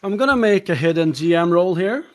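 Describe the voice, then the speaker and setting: A man's voice: high voice, lively intonation, brisk. A man narrating a tabletop game as game master, with hesitant fillers.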